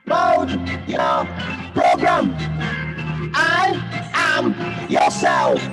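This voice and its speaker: A man voicing a menacing male robot through a synthesizer robot effect, declaring slowly. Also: very deep voice, wildly swooping pitch, bright, forceful tone, raised voice, faint music behind, voice pushed down, heavily acted. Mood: commanding. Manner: slow commanding declarations.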